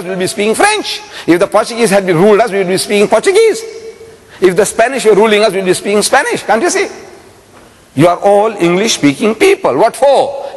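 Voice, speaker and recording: Man lecturing with rhetorical questions, long hall reverb, lively pitch. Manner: animated, rhetorical questions to the audience. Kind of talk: public lecture storytelling.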